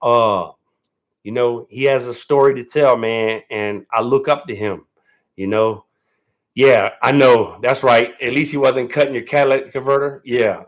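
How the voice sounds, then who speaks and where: With a steady, mid-range voice at normal speed, a man rambles through his first livestream as host, relaxed yet a touch nervous. He leans heavily on fillers and "man," and the audio has its highs cut off.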